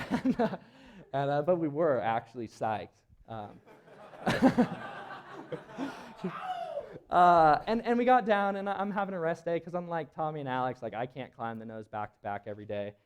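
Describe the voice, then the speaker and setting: A man who is a search and rescue team member, telling a story during a live presentation in an auditorium in a casual, rambling way full of fillers and restarts. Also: medium pitch. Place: auditorium at a public event.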